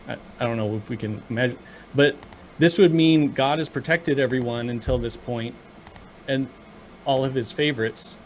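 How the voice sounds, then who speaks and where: Man, earnest, halting, faint background hiss, casual chat. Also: medium pitch. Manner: earnest, halting with many restarts. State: choked up with emotion. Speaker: podcast co-host. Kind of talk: casual theological discussion.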